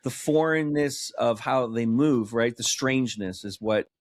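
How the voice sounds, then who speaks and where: A man co-hosts a relaxed movie podcast at a middle pitch. He rambles and muses, swearing casually, and his voice sounds dry and close with no room echo. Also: a little slow. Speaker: podcast co-host. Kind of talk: casual movie-review chat.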